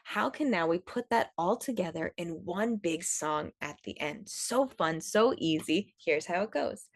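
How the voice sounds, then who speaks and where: A woman's voice: lowish voice, lively intonation, a little slow, few pauses, no echo. A woman music teacher, upbeat and enthusiastic, explaining classroom activities to other teachers.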